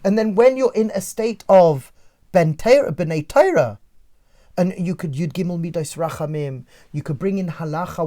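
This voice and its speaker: A rabbi with a strong English accent teaching in a podcast discussion, animated and acting out everyday scenes. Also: male voice, sits high, normal speed. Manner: animated, acts out scenarios in character voices.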